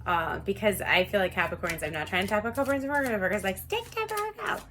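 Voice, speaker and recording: A woman's voice: medium pitch, lively intonation, quick pace, fairly bright tone. A woman in her thirties giving a casual tarot reading at home, chatty and rambling, laughing often and talking to viewers like friends. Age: 30s. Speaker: tarot reader.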